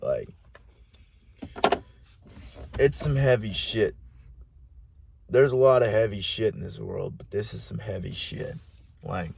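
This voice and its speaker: A man's voice: lowish voice, creaky, husky. A man hosting a podcast alone, rambling in a casual monologue with heavy swearing, lots of "like" and restarts. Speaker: podcast host.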